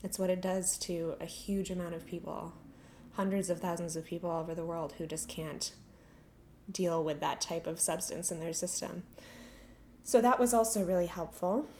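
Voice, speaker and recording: A young adult woman with a slightly low voice hosts her podcast, talking candidly and earnestly. She sounds a little out of breath as she shares, keeping an easy conversational tone. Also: steady tone, normal speed, a little mellow, slight background noise. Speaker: podcast host. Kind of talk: personal reflective talk.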